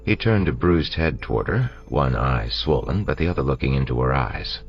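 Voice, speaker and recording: Male audiobook narrator, very low voice, gravelly, dull sound, faint music. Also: expressive, moderate pace. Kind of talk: scripted narration.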